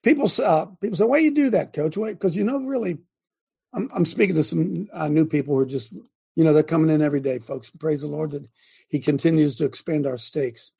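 Gravelly older man preaching. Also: a little high, brisk, mellow. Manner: fervent, rambling, full of restarts. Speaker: host and preacher. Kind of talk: preachy livestream talk.

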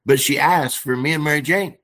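A man's voice: fairly high pitch, a little fast, sharp tone. A middle-aged man telling a church story in casual chat, animating the quoted dialogue. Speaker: guest.

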